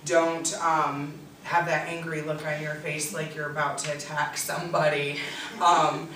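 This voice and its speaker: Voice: medium pitch, flat delivery, measured pace, sharp tone. Workshop presenter, direct and practical, mid-range voice; roomy, distant classroom recording. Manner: practical, direct, many ums. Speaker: tutor and SI leader presenting. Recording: echoey room, distant mic, faint noise.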